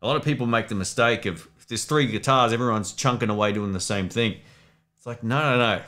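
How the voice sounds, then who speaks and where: His mid-range voice moves fairly quickly as he runs a casual live Q&A from his home studio. The host rambles in a relaxed way, chats loosely, and reads viewers' chat comments aloud while answering their questions.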